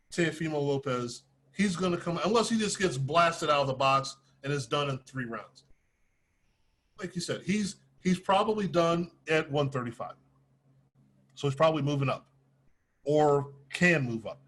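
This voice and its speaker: Slightly high-voiced man hosting boxing talk. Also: a bit bright. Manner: chatty, joking asides. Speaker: boxing show host. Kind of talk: casual sports talk.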